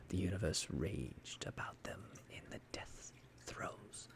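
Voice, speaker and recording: Male ASMR storyteller: low, gravelly, whispered bedtime reading, varied melody. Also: takes it slowly. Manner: soft, whispered bedtime narration.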